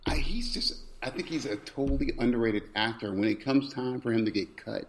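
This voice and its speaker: A man guest-hosting a podcast in casual chat, animated and playfully argumentative, often stammering and repeating himself. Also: medium pitch, brisk, a little hiss or hum. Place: indoors, recording in person with co-host.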